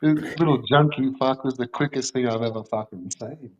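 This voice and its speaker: A man's voice: medium pitch, normal speed, darkish tone, low-quality recording. Sweary man spinning a yarn. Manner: sweary, laughing, rambling with many fillers. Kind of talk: casual storytelling.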